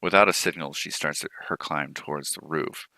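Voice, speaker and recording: A man narrating a game playthrough, reading the story text aloud in a steady storybook manner. His voice is extremely deep and gravelly, yet bright and crisp, in a dry sound. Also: moderate pace, no echo. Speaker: let's play host.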